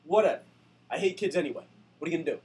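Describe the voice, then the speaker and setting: A young man telling a comic story in a sarcastic rant with bursts of shouting, recorded on a distant camera mic. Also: a little high, expressive, very fast. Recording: distant mic with faint noise.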